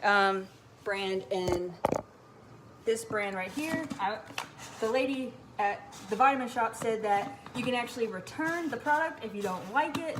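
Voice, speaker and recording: Woman, thirties, casual rambling vlog, slightly high voice, noticeable background noise. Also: expressive, a little slow. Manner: rambling and chatty, many fillers. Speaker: fitness vlogger.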